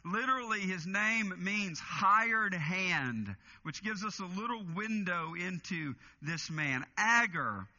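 A man preaching an expository sermon as pastor, earnest, slowing down to stress key phrases. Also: high-pitched, lively intonation, sharp tone, highs cut off.

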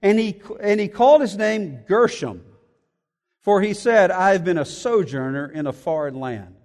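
A man's voice: high voice, animated, moderate pace, darkish tone, big-room sound. A man preaching an expository sermon in a church, earnest and repeating words as he thinks aloud. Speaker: pastor.

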